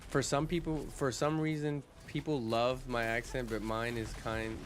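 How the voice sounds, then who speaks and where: A man's voice: medium pitch, fairly even intonation, moderate pace, a little hiss or hum. A man livestreaming, chatting casually with his viewers, reading chat aloud and often restarting his sentences.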